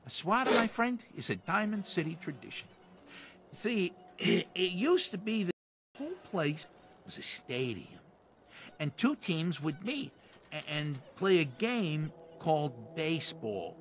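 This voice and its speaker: A man's voice: fairly high pitch, sing-song, a little slow, fairly bright tone, a little hiss or hum, heavily acted. An actor with a Boston accent voicing a boisterous, pushy male street vendor in a video game, full of hawking sales patter.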